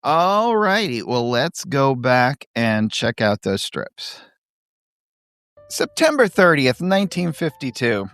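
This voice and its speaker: A man's voice: mid-range voice, big pitch swings, slow, fairly bright tone, dry recording, clean studio sound. A man co-hosting a podcast, chatting casually with sarcastic jokes. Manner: sarcastic, jokey. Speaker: podcast co-host. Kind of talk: casual chat about comic strips.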